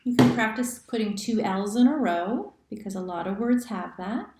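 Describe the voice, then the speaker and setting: A woman's voice: mid-range voice, animated, moderate pace, a little mellow. A woman teaching cursive handwriting, chanting the stroke names step by step. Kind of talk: handwriting lesson. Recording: echoey room.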